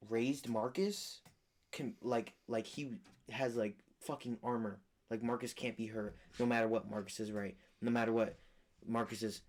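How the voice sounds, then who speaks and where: A young man co-hosting a podcast, telling family stories in slangy, profane, candid casual chat. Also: mid-range voice. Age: young adult. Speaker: podcast co-host.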